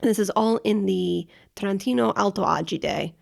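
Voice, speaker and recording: On a casual travel podcast, a woman co-host speaks at a measured pace in a mid-range voice with vocal fry. She's enthusiastic and informative, often correcting herself as she chats.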